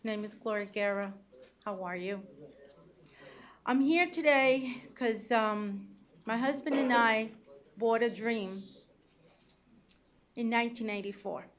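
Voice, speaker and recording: An older woman from Cuba testifies at a public hearing about her taxi medallion. Her voice sits high and she speaks slowly. She sounds emotional and pleading throughout.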